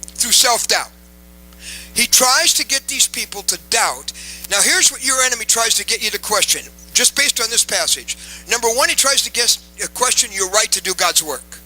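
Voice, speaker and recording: Emphatic bright-voiced male preacher. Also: very high voice, animated, normal speed, soft background music, poor audio. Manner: emphatic, repeats key phrases, coaxes audience to respond. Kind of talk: sermon. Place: before a live audience.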